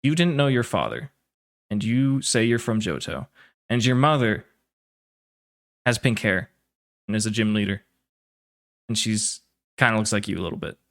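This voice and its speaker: A man's voice: on the low side, animated, normal speed, gravelly, long pauses. A man voicing a frantic, spry elderly grandfather who is out of breath, in a tabletop game. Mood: urgent.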